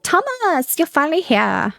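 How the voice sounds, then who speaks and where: A woman's voice: extremely high pitch, huge pitch swings, a little slow, creaky, fairly bright tone, dry recording, faint music behind, voice pushed up, heavily acted. A woman voicing a cheerful, caring young woman friend in a visual novel, eager and welcoming.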